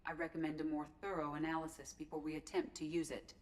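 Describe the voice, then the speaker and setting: An actress voicing a calm, precise female shipboard AI in a video game, speaking in a measured, formal way. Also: sits low, close to an everyday voice.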